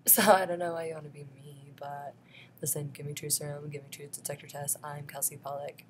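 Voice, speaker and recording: A woman's voice: deep voice, steady tone, fairly quick, slight background noise. A woman talking straight to camera in a rambling vlog monologue, often breaking into laughs between phrases. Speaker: vlogger.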